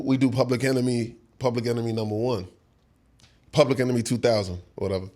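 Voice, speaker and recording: A middle-aged man, a songwriter guest in a casual interview, telling a story with lots of laughs and acted-out quotes. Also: medium pitch. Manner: animated storyteller who acts out quotes, laughs often.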